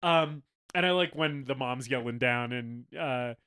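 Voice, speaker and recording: A man's voice: mid-range voice, measured pace, bright, forceful tone, clear, resonant tone. A man co-hosting a casual film podcast, retelling scenes with a lot of laughter, acting out characters' lines and swearing casually. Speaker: podcast co-host. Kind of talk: casual film-discussion chat.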